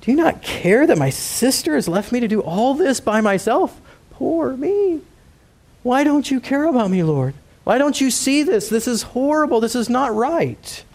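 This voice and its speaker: A man's voice: big pitch swings, moderate pace, a little mellow, full character voice. A man putting on a whiny, self-pitying woman. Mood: whining. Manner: whiny, exasperated, rising pitch. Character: frazzled complaining woman, self-pitying sister.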